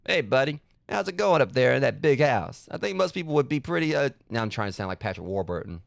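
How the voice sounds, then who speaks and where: A man voicing a middle-aged dad writing a fond letter to his son, in a slow, folksy, cartoonish sitcom-dad manner. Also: mid-range voice, very animated, gravelly, no room sound, studio quality. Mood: fond, fatherly.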